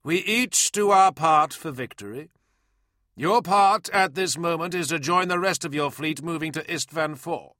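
A man voicing a cold, mechanical male liaison who speaks over an intercom with sterile, assured calm. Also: on the high side, unhurried, dry recording, clean studio sound, pitched above the performer's own voice. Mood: commanding.

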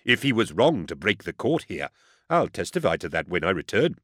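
A man voicing a stern older male inquisitor with a cane in an audiobook, speaking in a measured, reproachful way. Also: low voice, very animated, dry recording, clean studio sound.

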